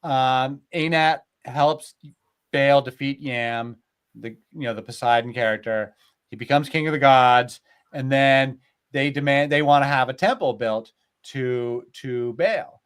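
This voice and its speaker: A man retelling old myths in a casual, animated way, with lots of filler words, as a podcast host. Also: medium pitch, unhurried, smooth. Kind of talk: casual storytelling chat.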